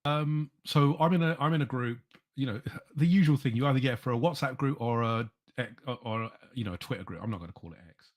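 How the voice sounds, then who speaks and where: Man, guest, casual chat, playful, chatty, quick bursts. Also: medium pitch.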